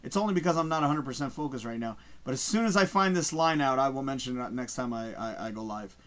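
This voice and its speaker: A man hosting a casual livestream, reading viewer comments aloud and chatting in a profane, rambling, animated way. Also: medium pitch, quick pace. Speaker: livestream host.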